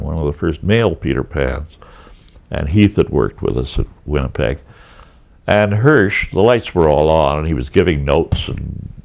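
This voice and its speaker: An older man from Canada, recounting theatre stories in an interview as a lively storyteller. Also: vocal fry. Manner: lively storyteller, rises in pitch when animated. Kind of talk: reminiscing anecdote.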